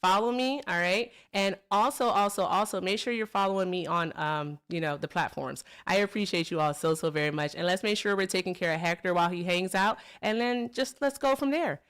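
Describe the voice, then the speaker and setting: A woman's voice: lowish voice, brisk, hardly any pauses, fairly bright tone, smooth. A woman hosting a live political call-in stream, chatty and upbeat, greeting viewers and callers. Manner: chatty, upbeat, says y'all. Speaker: livestream host. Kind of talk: casual livestream chat.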